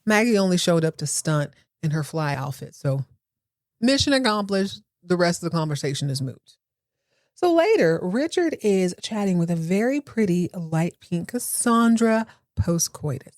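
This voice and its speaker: A woman's voice: lowish voice, very animated, moderate pace, a little mellow, no echo, studio quality. A woman hosting a podcast, giving a comic recap of a soap opera with sassy, slangy asides. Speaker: podcast host. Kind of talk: comedic TV recap.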